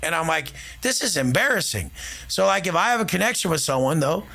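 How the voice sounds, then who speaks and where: A man with a gravelly, slightly high voice boasting in casual podcast talk. His delivery is brash and swaggering, with profanity in nearly every sentence. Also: very animated, a little fast, bright, forceful tone. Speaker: podcast guest.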